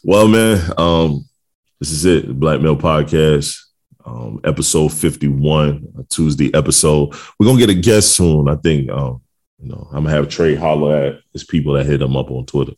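A middle-aged man with a very deep, low voice co-hosts a podcast. He talks in a loose, rambling way, full of "um"s and "you know"s, and he laughs easily. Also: moderate pace, darkish tone. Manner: laid-back, rambling with many fillers and laughs. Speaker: podcast co-host. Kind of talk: casual chat.

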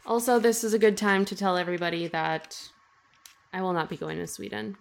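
A woman co-hosting a casual book-chat podcast, summarizing chapters in a relaxed way with many ums. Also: medium pitch, fairly quick, creaky. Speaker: podcast co-host.

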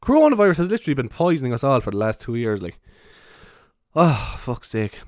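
A young man with a Cork Irish accent vlogs to camera in a mid-range voice, talking a little fast with big swings in pitch. He rambles casually, swears often and laughs at himself. The studio recording is clean, with no echo.

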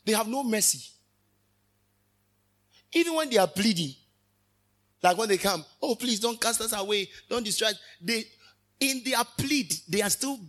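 A man preaching a sermon as a minister, fervent, with sudden loud rises and quick asides. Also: sits high.

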